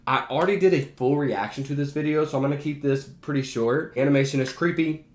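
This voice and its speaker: A man's voice: fairly high pitch, fast. A man who works as a teacher, ranking favorite movies in a casual, enthusiastic and emphatic way. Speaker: teacher and behavior analyst. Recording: roomy echo.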